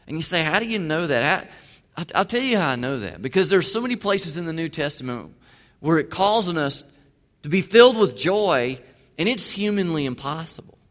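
A male pastor preaching a sermon, swinging from emphatic to quiet. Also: fairly high pitch, very animated, a little fast. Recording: long hall reverb.

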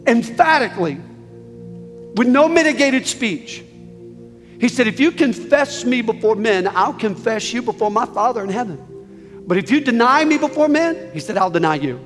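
Male preacher leading an altar call in a big hall, high-pitched, pressing and repetitive. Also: animated, normal speed. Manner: urgent, repetitive exhortation. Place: large church hall with balcony. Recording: echoey hall with soft music.

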